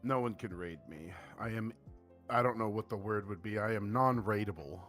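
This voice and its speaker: A man's voice: lowish voice, moderate pace, fairly bright tone, faint music behind. A man joking and bantering casually with friends in a voice chat, laughing often and trailing off mid-sentence.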